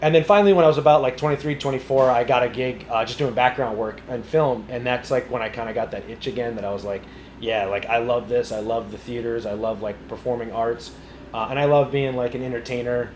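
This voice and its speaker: A man's voice: medium pitch, steady tone, quick pace, a little mellow, a little hiss or hum. Laid-back young man in a roomy room. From New England. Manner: easygoing, self-deprecating, laughs often. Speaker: podcast guest, content creator. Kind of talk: casual interview chat.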